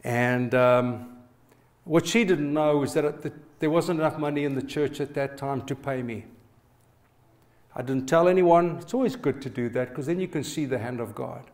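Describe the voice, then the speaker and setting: The sermon comes from a middle-aged man whose medium-pitched, darkish voice moves at a moderate pace. Between personal anecdotes, he keeps asking the congregation to answer back.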